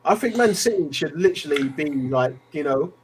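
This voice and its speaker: A man's voice: on the high side, expressive, normal speed. Man talking football over faint hum. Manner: gets wound up about missed chances. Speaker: co-host of a fan live stream. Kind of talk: casual football chat.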